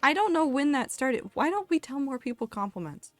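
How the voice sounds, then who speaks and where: A woman's voice: sits high, sing-song, fairly quick, no room sound. A young woman streamer chatting candidly while she plays, swearing casually and reading chat messages aloud. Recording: faint music behind.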